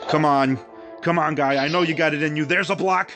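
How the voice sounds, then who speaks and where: A man's voice: on the high side, fairly quick, soft background music. Chatty man narrating a game playthrough. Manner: chatty, thinks out loud, reads game text aloud. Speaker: game streamer. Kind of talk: let's play commentary.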